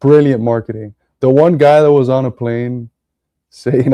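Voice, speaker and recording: A man co-hosting a political podcast, speaking bluntly and swearing casually in relaxed chat. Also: mid-range voice, unhurried, dry recording, studio quality. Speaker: podcast co-host.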